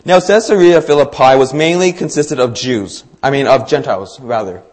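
A man's voice: medium pitch, moderate pace, a little mellow. A man preaching a sermon to his congregation, talking in a conversational way with fillers and small restarts. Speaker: pastor.

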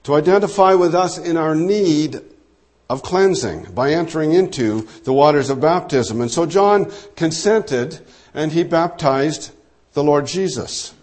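A man preaching a measured, explanatory sermon, dropping low and soft when he quotes scripture. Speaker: pastor.

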